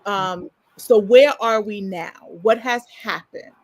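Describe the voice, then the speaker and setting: A woman's voice: medium pitch, slow pace, a little mellow, dry recording, poor audio. A woman hosting a friendly interview in a mid-range voice, dry and close to the mic. She talks encouragingly and with real enthusiasm. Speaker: host. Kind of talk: casual interview chat.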